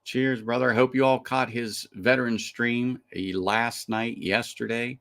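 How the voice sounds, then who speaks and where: A man's voice: mid-range voice, steady tone, measured pace, a bit bright. A man hosting a live stream, reviewing a whiskey in casual, chatty talk full of restarts and fillers.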